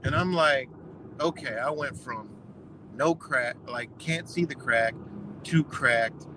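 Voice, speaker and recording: A young man casually telling a story, quoting others in quick exchanges and swearing freely, recorded on a phone outdoors. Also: mid-range voice, background noise. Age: young adult. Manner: retells doctors' talk in quick quoted exchanges, swears freely. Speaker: vlogger.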